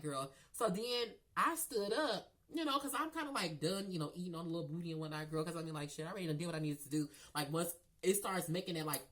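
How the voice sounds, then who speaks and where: Sassy gossiping man telling a story. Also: high-pitched. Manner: sassy, gossipy, addresses viewers as girl and y'all; animated with laughs and sudden loud outbursts. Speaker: storyteller vlogger. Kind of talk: casual storytime monologue.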